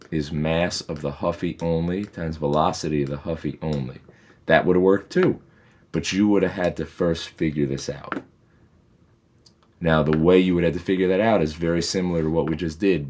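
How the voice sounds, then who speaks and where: A man with an extremely deep voice teaches physics in a recorded lesson. He works through each problem slowly and methodically, adding patient, reassuring asides. A faint background hiss and occasional clicks sit under the recording. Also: a little mellow.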